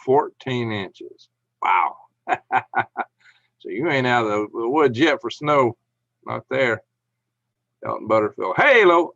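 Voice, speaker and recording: A man's voice: on the low side, very animated, measured pace, gravelly, pauses often, a bit bright, no echo. A middle-aged man hosting a casual livestream, reading viewer comments aloud in a folksy, chuckling way. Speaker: livestream host. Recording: dull lo-fi dry sound.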